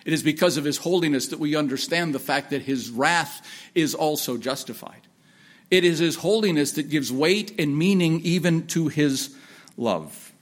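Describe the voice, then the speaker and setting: A man's voice: a little high, moderate pace. A man preaching a sermon, with folksy asides and emphatic repetition, often rambling off topic. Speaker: pastor. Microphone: sermon on an iPad from notes.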